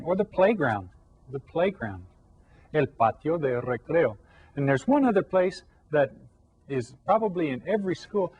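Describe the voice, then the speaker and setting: A man with a slightly husky, mid-pitched voice teaches young children a recorded Spanish lesson. He explains patiently and slows down to draw out each new word for them to repeat. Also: highs cut off. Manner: slow, drawn-out modeling of Spanish words. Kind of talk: televised classroom lesson for children.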